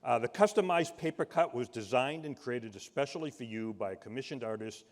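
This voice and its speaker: Boston-accented man presenting a tribute, measured delivery, booming hall reverb. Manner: measured, warm, fumbles when improvising. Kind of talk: prepared tribute speech. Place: large event hall.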